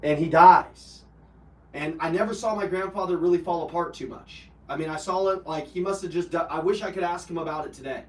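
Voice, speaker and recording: A man with a slightly high voice speaks fairly quickly while hosting a live personal development call. He tells an emotional personal story bluntly, swearing and using fillers. The audio sounds roomy and distant.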